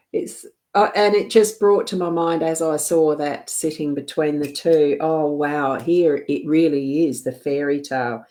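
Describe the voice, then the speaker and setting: A middle-aged woman with an Australian accent from South Australia, giving a gentle, meandering live card reading from her home desk, full of fillers and self-corrections. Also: sits low. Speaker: psychic card reader.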